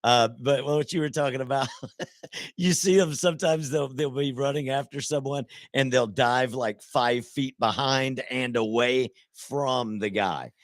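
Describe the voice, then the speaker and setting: A man's voice: medium pitch, unhurried, no echo. Sports cohost guy, laughs a lot, short yeahs, dry mic. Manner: laughs often and chimes in with short agreement. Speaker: sports talk co-host. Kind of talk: casual sports chat.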